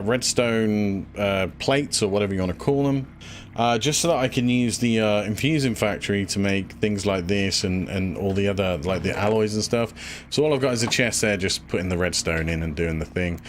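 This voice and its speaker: A man's voice: lowish voice, a little hiss or hum. A man casually chatting through a livestream, out of breath and rambling with lots of fillers as he thinks aloud. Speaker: streamer. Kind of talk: casual gameplay livestream chat.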